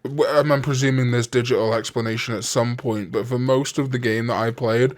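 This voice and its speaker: A man's voice: mid-range voice, fairly even intonation, brisk. Laid-back young British man. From Britain. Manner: laid-back, swears casually, laughs often. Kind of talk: casual chat while playing a game.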